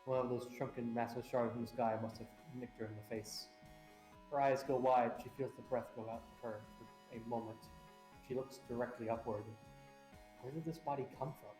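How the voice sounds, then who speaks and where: A man's voice: medium pitch, steady tone, fairly quick, warm tone, soft background music. Man reading aloud in an echoey room. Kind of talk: reading aloud on a live stream. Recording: roomy echo.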